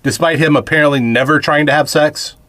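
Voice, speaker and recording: A man's voice: on the high side, steady tone, a little fast, a bit bright. A man co-hosting a podcast, chatting casually about a film and tossing in wry jokes. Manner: wry, joking asides. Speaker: podcast co-host. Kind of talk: casual chat reviewing a film.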